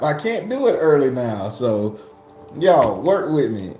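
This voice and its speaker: Animated cussing man in an echoey room. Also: slow. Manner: animated, swearing, laughing, jumping high when worked up. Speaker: tarot reader and channel host. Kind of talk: casual chat to viewers. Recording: echoey room with faint background music.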